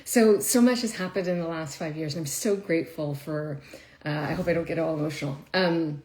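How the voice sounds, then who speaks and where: Low-voiced chatty woman on a live stream. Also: brisk, darkish tone, a little hiss or hum. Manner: chatty, emotional, laughs often, many fillers. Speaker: wine video creator. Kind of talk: casual live-stream chat.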